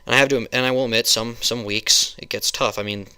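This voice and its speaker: A man's voice: mid-range voice, steady tone, fairly quick, pushed and bright, clear, resonant tone. A man in his early twenties ranting heatedly into a webcam, rambling with many restarts and swearing. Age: 20s. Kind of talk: webcam rant.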